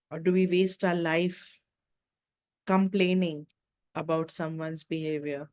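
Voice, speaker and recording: Woman, spiritual talk host, reflective, questioning, slow, lowish voice. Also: flat delivery, darkish tone, smooth. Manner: reflective, asks questions to the listener.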